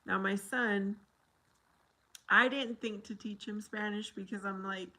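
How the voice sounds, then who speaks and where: An American woman hosts a casual livestream and talks unhurriedly in a bright, clear voice. She rambles in a chatty way and laughs often as she answers her viewers. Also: medium pitch, fairly even intonation, measured pace, poor audio. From United States.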